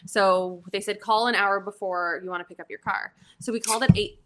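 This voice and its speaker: A woman's voice: medium pitch, fairly even intonation, brisk. A young woman guest in casual podcast chat, telling a story with many fillers.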